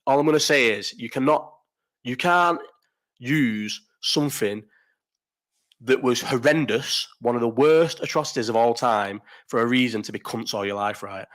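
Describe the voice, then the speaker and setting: A man's voice: mid-range voice, moderate pace, fairly bright tone. A young man hosting a casual live chat, blunt and rambling, swearing freely and restarting his sentences. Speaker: live stream host.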